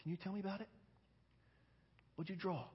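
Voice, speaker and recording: A man's voice: sits high, fairly even intonation, fairly quick, slight background noise. A man giving a children's sermon as pastor, coaxing the children with many questions and often repeating words as he starts a sentence. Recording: long hall reverb, dull lo-fi sound.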